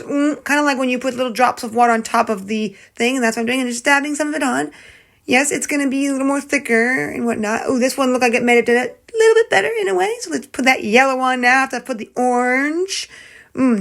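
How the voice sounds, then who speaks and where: A woman talks her way through a nail art session in a casual, chatty tutorial. She rambles a bit and corrects herself mid-sentence as she works. Her voice sits slightly on the higher side. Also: fairly bright tone, low-quality recording. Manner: chatty, rambling, self-correcting while working.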